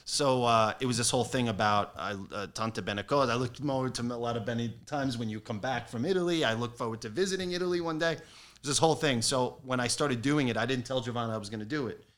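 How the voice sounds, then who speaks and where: A man's voice: mid-range voice, fast talker, a bit bright. A middle-aged man chatting casually, telling stories with laughs and quoted phrases. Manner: storytelling with laughs and Italian quotes. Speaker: guest. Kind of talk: casual chat.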